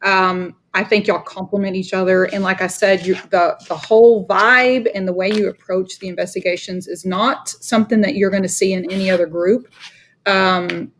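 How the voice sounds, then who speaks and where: A woman's voice: medium pitch, fairly even intonation, normal speed, slight background noise. A woman from Dallas with a Texan accent, hosting a podcast and chatting with enthusiasm and easy laughter. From Dallas, Texas. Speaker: podcast host. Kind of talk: casual interview chat.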